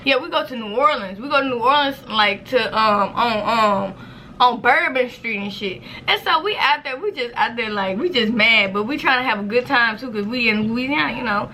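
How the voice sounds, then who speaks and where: Young woman vlogger, storytime to camera, crisp bright tone, slightly high voice, swears freely, jumps up in pitch for quotes. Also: moderate pace, slight background noise. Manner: animated, profane, acts out quotes with sudden high squeals. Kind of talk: casual storytime monologue.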